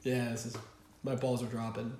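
A young man co-hosting a casual comedy podcast, hoarse from losing his voice, with laid-back joking reactions. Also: mid-range voice, little pitch movement, moderate pace, a little mellow, reverberant. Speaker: podcast co-host.

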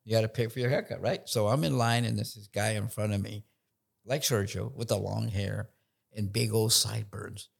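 A man chatting as a podcast guest, telling animated anecdotes and acting out the people in them. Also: fairly low pitch, normal speed, gravelly. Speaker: podcast guest, army veteran. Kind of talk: casual storytelling.

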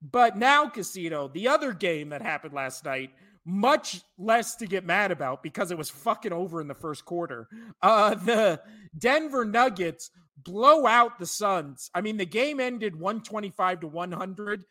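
A man's voice: sits high, expressive, a little slow, bright, forceful tone. A man in his thirties or forties, co-hosting a sports podcast, ranting with profane, exasperated outbursts. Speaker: podcast co-host. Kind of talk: sports rant.

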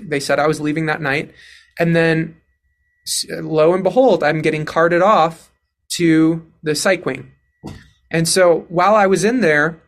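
A man's voice: fairly high pitch, a bit bright. Self-assured man telling his story. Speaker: interviewee. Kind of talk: recounting a personal story.

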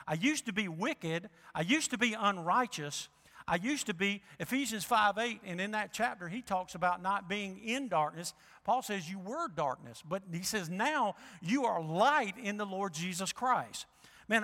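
A man's voice: high voice, a bit bright. A male pastor preaching a sermon, emphatic and drawing out key words, in a church sanctuary. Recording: reverberant hall.

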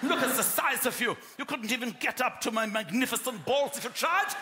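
A man's voice: very high voice, animated, a little fast, slight background noise, voice pushed up, full character voice. Man playing a haughty, snooty big guard dog. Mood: disdainful. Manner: haughty, contemptuous, loud. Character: snooty big male German shepherd dog. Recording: echoey venue with loud crowd laughter.

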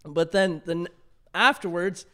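Young man, very high voice, bright and sharp tone, animated storyteller, casual podcast chat. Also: a little slow, clear, resonant tone. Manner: animated storyteller, laughs often. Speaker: podcast co-host.

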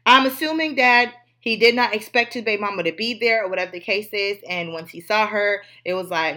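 A woman's voice: medium pitch, moderate pace, pushed and bright. A woman hosting a gossip commentary show, talking bluntly and emphatically, with frequent swearing. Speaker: host.

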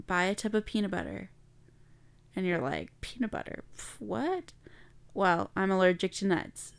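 A young woman speaks slowly and candidly, reflecting on a painful personal time for her podcast listeners. Her voice is smooth and resonant, with a gravelly fry at the ends of phrases. She is unhurried and earnest. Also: mid-range voice. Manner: candid, reflective, slow and emotional. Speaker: podcast host. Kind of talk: personal storytelling monologue.

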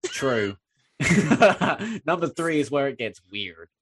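A man's voice: fairly high pitch, big pitch swings, slow pace, a bit bright, a little hiss or hum. A man, a guest on a podcast, joking and teasing in casual chat. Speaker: guest, show host and voice actor.

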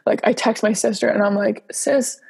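A woman's voice: mid-range voice, moderate pace, vocal fry, darkish tone, breathy edge. A young woman co-hosting a podcast, telling a story in a chatty, giggly way with lots of fillers and acted-out quotes. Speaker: podcast co-host. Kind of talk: casual storytelling chat.

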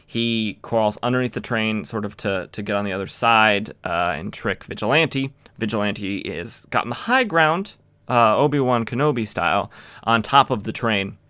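A man hosting a comic book podcast, casually recapping an issue in a rambling way, with lots of "uh" and "you know" and quick acted-out quotes. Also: fairly low pitch, pushed and bright, clear, resonant tone, dry recording. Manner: rambling, many fillers and restarts, acts out quotes.

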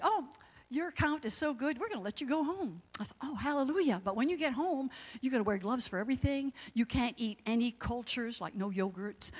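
Middle-aged woman, casual testimony storyteller, animated, mid pitch, recorded with a reverb tail. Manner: animated, emotional, religious exclamations. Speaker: guest sharing a testimony.

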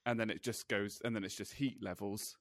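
A man's voice: fairly low pitch, steady tone, dry recording, clean studio sound. Laughing, chatty man. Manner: laughs often, quick and chatty. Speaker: podcast host. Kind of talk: casual chat.

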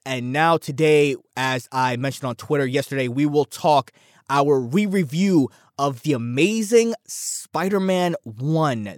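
A man's voice: mid-range voice, no echo, studio quality. A young man hosting a casual solo podcast, rambling and self-deprecating, repeating words as he goes, sounding a bit out of breath. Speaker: podcast host.

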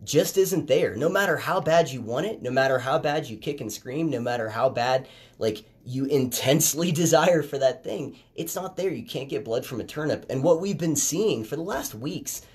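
Casual male podcaster, mid-pitched, chatty monologue that turns animated on key points. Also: moderate pace. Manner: conversational, animated when making a point. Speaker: podcast host. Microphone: headphones with phone recording.

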